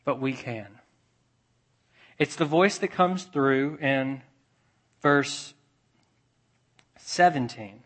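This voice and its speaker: A man preaching a sermon as pastor, deliberate, repeating phrases with building emphasis. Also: medium pitch, fairly bright tone.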